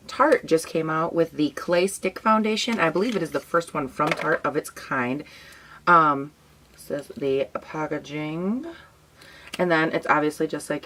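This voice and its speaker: A young woman with a low, sleepy morning voice talks through new makeup products for her channel. She rambles casually, trailing off and restarting as she shows each item. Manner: chatty, rambling, tired morning voice. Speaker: beauty vlogger. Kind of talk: casual product review vlog.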